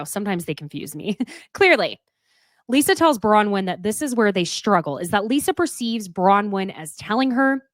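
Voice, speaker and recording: A woman giving a casual, opinionated recap of a reality show, candid and quick to swear. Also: on the high side, no echo.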